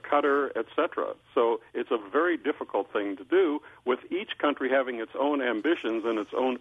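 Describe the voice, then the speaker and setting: An older man speaks on a tinny phone line, his voice a bit husky. He sounds like a columnist giving political commentary, measured and unhurried, with frequent uhs and restarts between thoughts. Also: mid-range voice.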